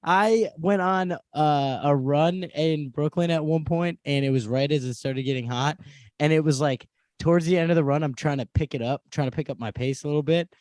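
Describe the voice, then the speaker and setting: Slightly high-voiced man in dry banter. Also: a little mellow, dry recording. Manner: loose banter, quick laughs, riffs along. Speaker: podcast co-host. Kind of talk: casual comedic chat.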